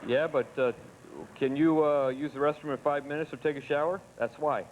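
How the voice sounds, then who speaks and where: A man's voice: on the high side, steady tone, a little fast, low-quality recording. A tired man answering hosts over a satellite link, short and matter-of-fact. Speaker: record-setting guest on satellite link. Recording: satellite feed with faint hiss.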